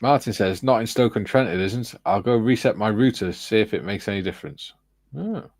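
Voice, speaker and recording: A man's voice: on the low side, expressive, brisk, darkish tone, no echo. A man hosting a casual livestream, reading viewers' chat messages aloud and chatting with his panel. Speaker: livestream host.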